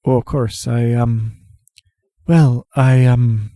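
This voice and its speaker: A man's voice: medium pitch, fairly even intonation, warm tone, dry recording, clean studio sound. A man voicing a disheveled, flustered woman mayor who halts and apologizes, with a bitter edge. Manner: halting, apologetic, full of hesitations.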